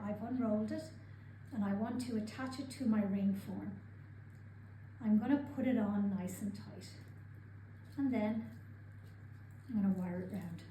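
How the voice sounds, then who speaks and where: Calm woman demonstrating a craft. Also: mid-range voice, a little hiss or hum. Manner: calm, methodical, narrating her own actions. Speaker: craft instructor. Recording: roomy sound with clear background ambience.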